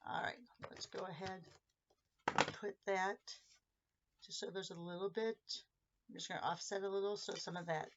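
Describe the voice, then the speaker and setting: A woman's voice: on the low side, muffled recording, noisy background. A woman hosting a casual crafting tutorial, chatting as she walks viewers through each step of a handmade card.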